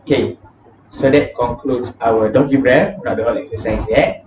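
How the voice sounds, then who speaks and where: A man leading a vocal warm-up lesson, counting down breathing sets and explaining each step in a casual, plain way. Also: mid-range voice, steady tone, normal speed. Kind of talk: guided breathing exercise lesson. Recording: echoey room, distant mic, dull and noisy.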